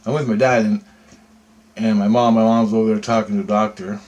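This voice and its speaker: A man's voice: lowish voice, level tone, brisk, darkish tone, muffled recording. A man telling a story in a rambling, agitated spoken monologue, swearing often and checking in with "right?". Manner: profane, agitated, conversational with repeated "right?". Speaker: vlogger recounting a dream.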